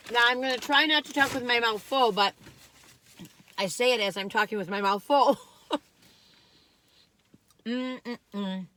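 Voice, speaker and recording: Chatty lady taste-testing fast food on her vlog, rambly, bright voice, a bit of room hum behind. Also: on the high side. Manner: chatty and rambling, laughs often, talks while eating. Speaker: vlogger doing a food taste test. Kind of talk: casual chat.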